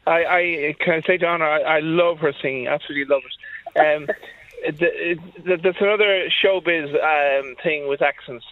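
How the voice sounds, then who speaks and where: A man's voice: fairly high pitch, moderate pace. Stammering man on a tinny line. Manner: hesitant, stammering restarts. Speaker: panel guest.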